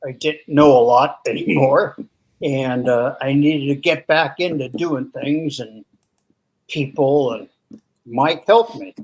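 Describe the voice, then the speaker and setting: An older man, a retired police captain, talking as a guest in a casual chat, halting and full of fillers. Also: mid-range voice, poor audio. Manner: halting, many fillers and restarts.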